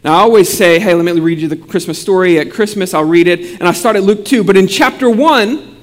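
A man pastor giving a sermon and telling a childhood story in an animated, humorous way. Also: sits high, a little fast, in a large hall.

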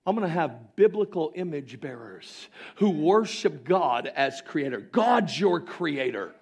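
An impassioned male pastor delivering a sermon in a church sanctuary. His voice sits high and leaps all over its range, rising to loud exclamations and then dropping to hushed lines. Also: sing-song, unhurried, slightly rough.

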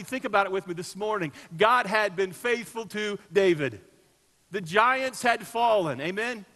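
Bright-voiced preaching man, echoey hall. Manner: storytelling, swings from loud emphasis to soft low asides. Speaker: pastor. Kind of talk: sermon. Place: church.

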